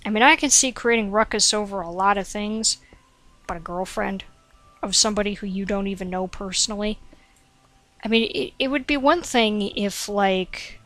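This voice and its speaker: A woman with a medium-pitched, fairly bright voice talks at a moderate pace, recorded dry through a desk microphone at home. A gaming commentator doing a rambling let's-play, she drifts off on tangents, leans on "like" and "um," and chats to her cat now and then between remarks about the game.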